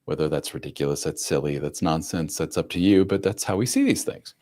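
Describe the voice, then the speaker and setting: A man's voice: extremely low pitch, a little fast, darkish tone. A middle-aged man hosting a live chat, talking casually and bluntly, acting out the people he quotes. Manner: blunt, acts out quoted voices, fillers like "blah, blah". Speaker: livestream host answering chat.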